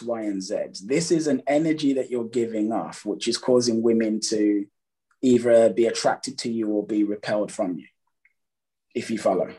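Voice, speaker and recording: A man's voice: mid-range voice, warm tone, husky, poor audio. A man giving dating advice in casual conversation, emphatic, acting out examples as he talks. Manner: emphatic, repeats and restarts, acts out examples. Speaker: dating coach guest.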